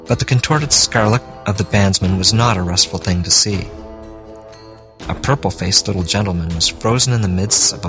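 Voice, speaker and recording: A man reading a classic story aloud as an audiobook narrator, in a measured storytelling manner. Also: lowish voice, pushed and bright. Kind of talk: scripted narration.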